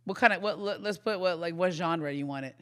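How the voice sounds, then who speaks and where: Woman sports reporter, guest on a podcast, lively anecdote teller with easy laughs. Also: lowish voice, fairly quick. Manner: animated storyteller, laughs often. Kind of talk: casual podcast chat.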